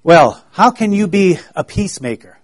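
A man giving a children's sermon, in a gentle, folksy way that keeps asking the children questions. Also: high-pitched, animated, normal speed.

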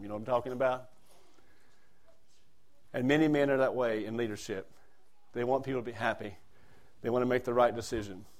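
Man preaching with big dynamic swings. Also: mid-range voice. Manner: swings between soft asides and loud emphatic lines; reads scripture in a raised declaiming voice. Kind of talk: sermon.

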